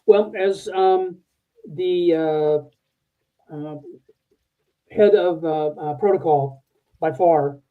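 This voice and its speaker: An older man, a retired military officer, telling a rambling, halting story as a podcast guest. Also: on the high side. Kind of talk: conversational war story. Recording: tinny phone-like line.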